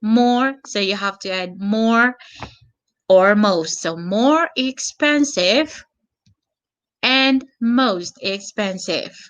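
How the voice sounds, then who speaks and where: A woman gives an online English grammar lesson at a very slow, patient pace, repeating key words and spelling out endings letter by letter. Her voice is bright and clear. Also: medium pitch, lo-fi sound. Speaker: English teacher.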